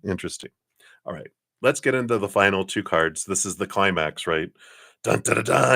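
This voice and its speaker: A man's voice: low-pitched, a bit bright, dry recording, clean studio sound. A man giving a casual live-stream tarot reading, chatty and laughing often as he acts out little quoted lines. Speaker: tarot card reader.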